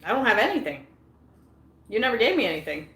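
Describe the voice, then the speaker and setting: A woman's voice: on the high side, very animated, fast talker, fairly bright tone, roomy sound, a little hiss or hum, poor audio. A woman co-hosting a live stream, keeping score and reading out names, laughing easily.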